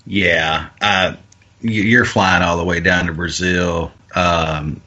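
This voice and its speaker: A man's voice: low-pitched, steady tone, slow, pushed and bright, lo-fi sound. A man co-hosting a podcast, chatting casually about fights and bets, often restarting and repeating his words. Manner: hesitant, many restarts and stammered repeats. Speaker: podcast co-host. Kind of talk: casual MMA betting talk.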